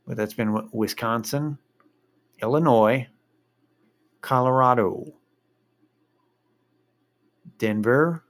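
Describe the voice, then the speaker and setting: A man telling a rambling story in a casual monologue, swearing freely and drifting into a rant. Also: medium pitch.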